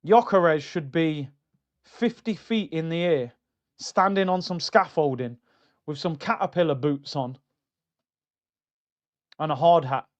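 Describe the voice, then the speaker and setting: A man hosting a football fan channel, ranting in a mocking, slangy, animated way. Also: fairly high pitch, unhurried, long pauses. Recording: dull lo-fi sound.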